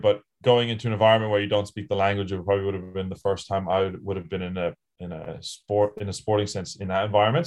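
A man co-hosting a casual podcast, telling rugby stories in a relaxed way with fillers and laughs. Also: lowish voice. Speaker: podcast co-host, rugby sevens player.

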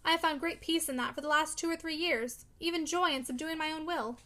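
A woman's voice: high-pitched, brisk, a bit bright. A woman voicing an earnest, tender young woman who speaks musingly in a storybook reading. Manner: musing, tremulous.

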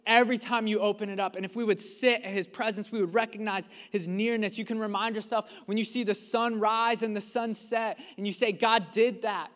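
A man preaching a sermon as a pastor, earnest and emphatic, with dramatic pauses. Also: high voice, little pitch movement, a bit bright, long reverb tail.

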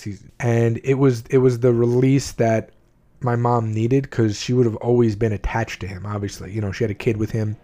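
A man's voice: mid-range voice, fairly even intonation, moderate pace, mellow. A man in his forties casually telling a personal story, rambling with lots of "you know" and "like" and frequent restarts.

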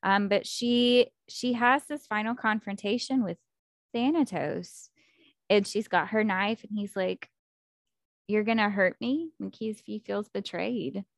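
A woman in casual chat, excitedly recapping a book plot and acting out the characters' lines. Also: mid-range voice, unhurried, gravelly, no room sound, clean studio sound. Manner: animated, acts out character quotes, fillers like 'like' and 'um'.

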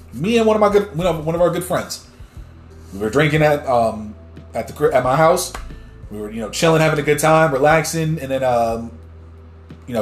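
A man hosting a podcast, ranting heatedly about the news in blunt, short, swearing sentences. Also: on the high side. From New Jersey. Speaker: podcast host. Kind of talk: casual news commentary. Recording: echoey room with faint music.

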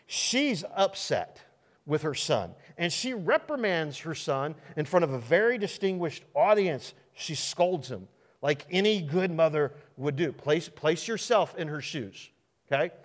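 Preaching a sermon to his congregation, a Midwestern American pastor speaks in a fairly high voice, animated but a little slow. His pitch swings widely through restarts and rhetorical questions, and the long echo of a large church sanctuary surrounds him.

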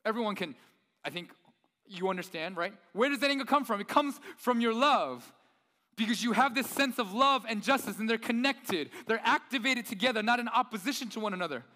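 A man's voice: high-pitched, animated, a little fast, bright, forceful tone, long reverb tail. A man preaching a sermon in a conversational way, often putting rhetorical questions to the audience. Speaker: pastor.

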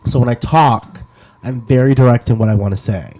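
A young man from Texas, co-hosting a casual podcast chat, animated and putting on funny voices for people he talks about. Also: medium pitch, a little fast. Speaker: podcast co-host.

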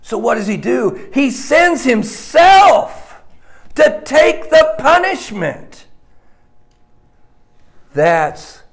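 Slow, emphatic male preacher. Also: big pitch swings. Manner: emphatic, swings between loud stresses and hushed low lines. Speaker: pastor. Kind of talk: sermon.

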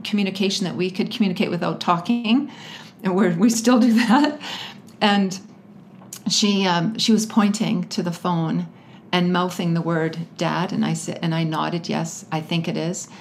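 Woman guest talking slow and earnest, kinda low voice, a bit of hiss behind her. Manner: earnest, halting, with nervous laughs. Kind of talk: personal storytelling in conversation.

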